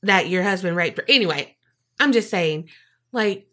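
A woman with a bright, forceful voice reacts to her co-host's story. She is outspoken and casual, and she swears freely. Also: medium pitch, animated, moderate pace. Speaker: podcast co-host.

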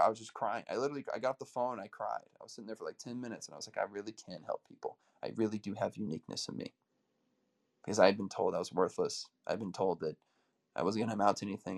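Young male coach, heartfelt and rambling, quick gravelly delivery, lowish voice. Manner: heartfelt, rambling, with many restarts. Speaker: coach and speaker in a group audio room. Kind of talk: emotional personal talk.

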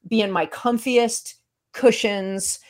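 A woman in an interview who sums up what her guest said and explains ideas in a measured way. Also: a little high, fairly even intonation, darkish tone.

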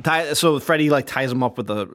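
A man's voice: mid-range voice, a little fast, fairly bright tone. A young man co-hosting a casual horror film podcast, incredulous and laughing. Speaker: podcast co-host. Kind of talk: casual chat about horror films.

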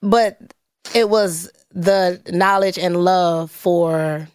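A woman's voice: on the low side, fairly even intonation, extremely slow, clean tone, no echo, clean studio sound. A woman hosting a casual interview podcast, who sounds upbeat and encouraging and laughs easily. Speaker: podcast host.

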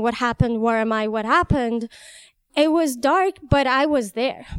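A young woman from Iran telling a vivid first-person story, animated and laughing as she goes. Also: a little high, smooth, dry recording.

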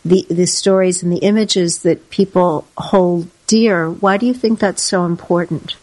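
A woman's voice: lowish voice, fairly even intonation, a little slow, darkish tone, rough recording. A woman interviewer asking a guest questions in an earnest way.

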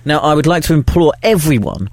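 Dry-humoured podcast co-host. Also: male voice, a little high, animated, fairly quick, no echo. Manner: dry, teasing banter. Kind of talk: casual chat.

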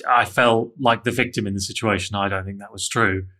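A man's voice: on the low side, fairly even intonation, a little fast, sharp tone. A man telling a candid, self-critical personal story in an interview, with frequent restarts.

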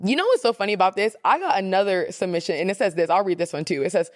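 A woman hosting a casual advice podcast, animated and sassy, reading listener questions and acting out the voices she quotes. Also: mid-range voice, rapid-fire, hardly any pauses, no echo, studio quality.

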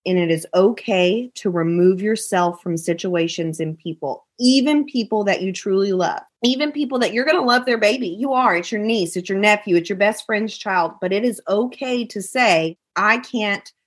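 A woman's voice: mid-range voice, moderate pace, few pauses. Earnest woman guest giving heartfelt advice. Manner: emphatic, repeats phrases, acts out friends' voices. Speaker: podcast guest.

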